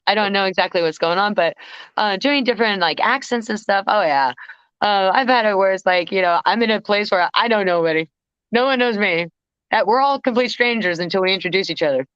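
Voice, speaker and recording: A woman with a medium-pitched, slightly fast, somewhat bright, smooth voice is a guest vocalist on a podcast. She chats casually, telling stories in a rambling way and interrupting herself. The dry recording sounds slightly muffled.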